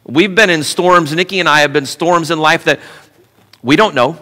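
A man preaching a sermon as pastor, animated and conversational with playful asides. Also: a little high, normal speed, in a large hall. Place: church sanctuary.

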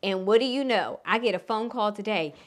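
A woman's voice: medium pitch, brisk. A middle-aged woman from Philadelphia with a Southern twang, giving frank relationship advice in a casual vlog and swearing freely. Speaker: relationship coach.

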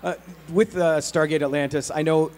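A woman's voice: low voice, fairly even intonation, moderate pace, a little mellow. A convention panel host asking questions casually, giggling and stumbling over her words. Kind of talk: casual interview hosting. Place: convention hall.

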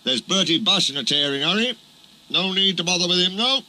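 A man's voice: high voice, lively intonation, fairly quick, sharp tone, voice pushed up, exaggerated voice, low-quality recording. A man voicing an easygoing male railway fireman in a storybook reading, casual and offhand.

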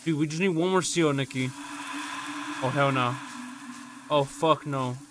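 Man, a bit high-pitched, live game streamer, profane and fed up, shouting for his teammate. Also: normal speed, noisy background. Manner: profane, exasperated, keeps calling out to a teammate. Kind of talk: live gameplay commentary.

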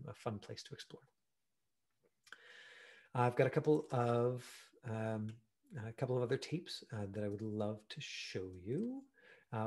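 Chatty male acting coach. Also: on the low side. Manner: chatty, animated, full of fillers and acted-out examples. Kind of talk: online acting class.

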